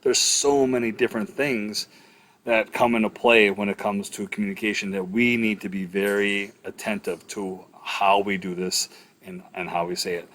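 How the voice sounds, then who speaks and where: Man, middle-aged, lowish voice, casual classroom lecture, lots of ums and uhs, EMS instructor. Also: fairly bright tone, a little hiss or hum.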